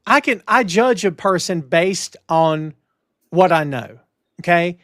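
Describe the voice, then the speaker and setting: A man hosting a wrestling news talk show, emphatic and animated, with lots of restarts. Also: high voice, slow pace, dry recording, clean studio sound. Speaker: podcast host. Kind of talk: casual wrestling news chat.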